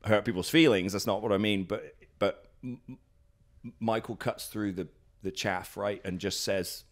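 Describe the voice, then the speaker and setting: This guest, a professional wrestler from Britain, speaks at a moderate pace in a fairly low voice with fairly even intonation. Interviewed at his house, he rambles through stories, using lots of fillers and restarts and acting out quotes.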